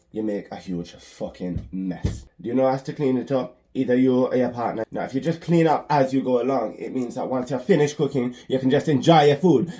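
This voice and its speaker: A man joking his way through a casual cooking demo in his small home kitchen, deadpan and swearing freely. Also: medium pitch, rough recording. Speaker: home cook hosting a cooking video. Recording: loud fan noise in a small kitchen. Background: extractor fan hum.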